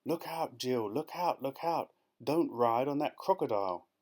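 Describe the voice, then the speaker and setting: A man doing a high, urgent roly-poly bird. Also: fairly quick, mellow, natural voice. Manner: urgent, calling out warnings. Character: shrill warning male roly-poly bird. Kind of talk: audiobook character voice.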